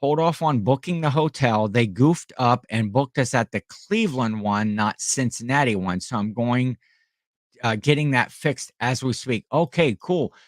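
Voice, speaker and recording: A man's voice: mid-range voice, a little slow, dry recording, studio quality. A man hosting a casual live stream, rambling as he reads the chat aloud, with frequent fillers and restarts. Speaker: livestream host selling items.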